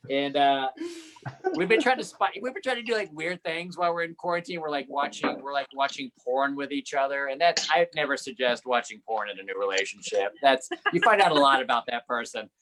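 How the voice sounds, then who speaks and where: A man's voice: medium pitch, a little fast, fairly bright tone, slight background noise. A man in his late thirties doing a rambling stand-up comedy set over a video call, telling self-deprecating stories and acting out quotes. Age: 30s.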